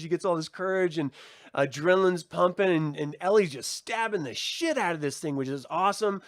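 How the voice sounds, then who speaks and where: A man giving a casual review of a TV episode, excitable and gushing, swearing freely and filling his talk with "like". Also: a little high, no room sound, studio quality. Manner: excitable, swears, many "like" fillers. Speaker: TV series reviewer. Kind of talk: casual video review commentary.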